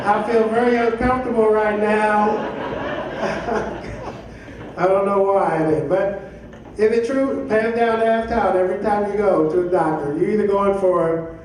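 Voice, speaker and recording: A man's voice: sits high, a little mellow, a little hiss or hum. A middle-aged man performing a live stand-up set, joking loosely and working the crowd. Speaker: stand-up comedian. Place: comedy club stage. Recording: echoey club from a distance. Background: audience laughter.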